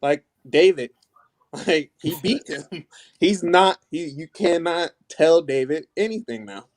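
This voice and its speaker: A man guesting on a gaming talk show, soft-spoken and leaning on "like" as filler. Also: fairly high pitch, animated, slow pace, dry recording. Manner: soft-spoken, filler-heavy, says "like" a lot. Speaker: guest, league player. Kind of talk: casual chat.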